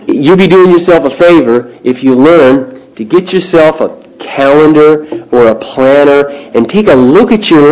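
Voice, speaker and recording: A man's voice: mid-range voice, low-quality recording. A man preaching a sermon to a live group of young adults, telling a story and throwing questions to the audience. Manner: animated storyteller who asks the audience questions.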